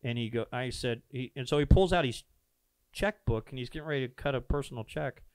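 A man with a smooth, resonant voice tells a personal story on a podcast. He is earnest and animated, acting out each quoted exchange. The sound is dry and close, with nothing heard behind him. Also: medium pitch, fairly quick, no room sound. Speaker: pastor telling a founding story. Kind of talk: casual storytelling conversation. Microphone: podcast microphone.

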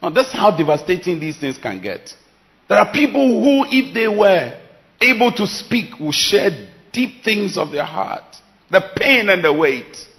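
A man's voice: high voice, sing-song, measured pace, a bit bright. A middle-aged man preaching a sermon, emphatic and dramatic, his volume rising and falling sharply. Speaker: pastor.

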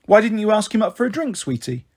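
A man's voice: sits high, big pitch swings, fast talker, slightly rough, pitched above the performer's own voice, exaggerated voice. A man doing a gushing, brittle mother. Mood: bright, forced. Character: warm flighty tattooed mother, bright and brittle.

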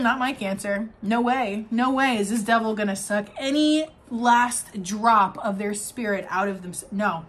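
A young adult woman giving an oracle card reading to camera, gushing and excitable, laughing often and trailing off mid-sentence. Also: a little high, a little hiss or hum. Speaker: tarot card reader.

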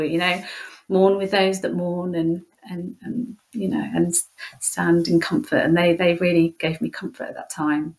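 A woman with an English accent, a guest in an interview, telling a heartfelt personal story with frequent restarts. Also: lowish voice. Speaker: interview guest, youth leader. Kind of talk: conversational interview.

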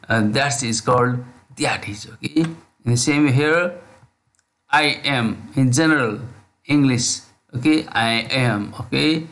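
Man, English teacher, very slow deliberate delivery, repeats each phrase, constant "okay?". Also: medium pitch, a bit bright. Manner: repetitive, drills phrases slowly, frequent "okay?". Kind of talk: slow spoken English lesson.

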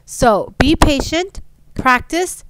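Slow-talking woman with a stuffy nose. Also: sits high, lively intonation, fairly bright tone, poor audio. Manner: patient step-by-step instructing, frequent "okay?" check-ins. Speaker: gaming tutorial host. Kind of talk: casual game tutorial.

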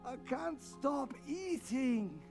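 An actor playing a crude, gluttonous obese henchman with a Scottish accent and a bellowing, gravelly voice, in a film comedy. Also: very high-pitched, very animated, extremely slow, in a large hall, music in the background, exaggerated voice. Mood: self-pitying.

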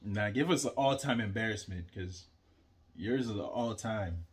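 A man's voice: on the low side, animated, normal speed, crowd noise. A young adult man co-hosting with his wife, chiming in with laid-back, teasing banter. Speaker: co-host, her husband. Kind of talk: casual chat, teasing interjections.

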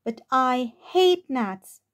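A woman's voice: sits high, animated, very slow, heavily acted. A woman voicing a grumpy male cat who sighs and complains, in a children's picture book reading. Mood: grumbling. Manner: sighing, complaining.

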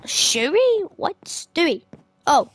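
A woman giving casual, excitable gameplay commentary as a streamer. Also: very high-pitched, very slow. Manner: excitable, yelps and exclaims while playing. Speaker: gaming streamer.

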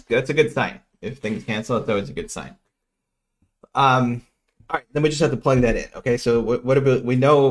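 A middle-aged man from New Jersey giving a casual economics lecture, working through equations aloud with rambling asides and frequent self-interruptions. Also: medium pitch.

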